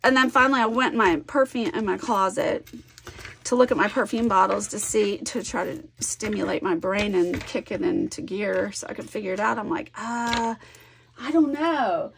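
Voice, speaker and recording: A woman's voice: medium pitch, fairly even intonation, a little fast, vocal fry, fairly bright tone, slight background noise. A middle-aged woman chatting casually while scrapbooking, rambling through a story and acting out both sides of a conversation. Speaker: scrapbooking vlogger. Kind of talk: casual chatty crafting vlog.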